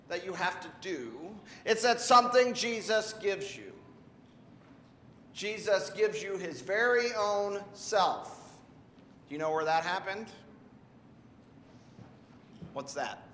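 High, bright-voiced pastor in an echoey church. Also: male voice, expressive, takes it slowly, long pauses. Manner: gentle, asks a child questions. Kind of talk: children's sermon. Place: church sanctuary. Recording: echoey hall with long reverb.

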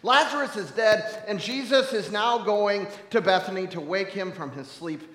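A man preaching a sermon as pastor, conversational and wry, shifting between humor and hushed grief. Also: sits high, normal speed, echoey room, big-room sound.

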